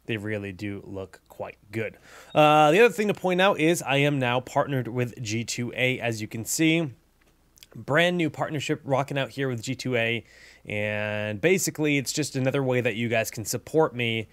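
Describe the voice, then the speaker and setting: Upbeat male gaming host, chatty guide delivery, mid pitch, dry close recording. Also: expressive, normal speed, a bit bright, dry recording. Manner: upbeat, chatty, lots of fillers. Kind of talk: casual game news and strategy guide.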